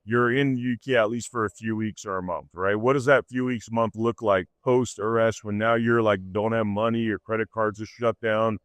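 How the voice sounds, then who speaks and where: A man's voice: fairly low pitch, fairly even intonation, moderate pace, few pauses, no room sound. A man hosting a livestream who talks casually and keeps saying "dude" and "like.". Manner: casual, says "dude" and "like" a lot. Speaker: host.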